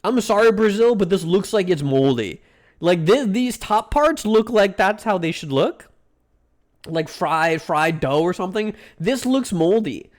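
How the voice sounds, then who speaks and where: A male streamer chats live with his viewers in a loose, rambling way, trading crude jokes and dragging out food names. His voice sits a little higher than most men's. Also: lively intonation, unhurried. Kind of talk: casual live-stream chat.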